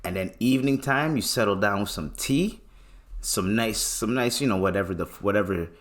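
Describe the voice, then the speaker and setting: A young man from Canada hosts his own podcast, his voice sitting a little low. He talks loosely and rambles, full of slang and casual swearing. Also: moderate pace. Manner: laid-back, swears often, slangy, rambling. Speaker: podcast host. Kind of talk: casual solo podcast talk.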